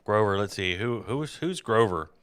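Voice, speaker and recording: A man's voice: lowish voice, lively intonation, moderate pace, a bit bright, clear, resonant tone, no echo. A man hosting a podcast in casual chat, rambling and jokey with a self-deprecating streak. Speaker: podcast host.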